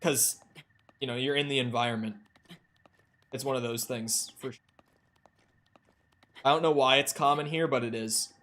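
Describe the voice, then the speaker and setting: A man's voice: mid-range voice, fairly even intonation, moderate pace, long pauses, a bit bright. A young man from Minnesota with a Minnesotan accent, casually chatting with his stream chat while he plays, loose and offhand, swearing now and then. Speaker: game streamer.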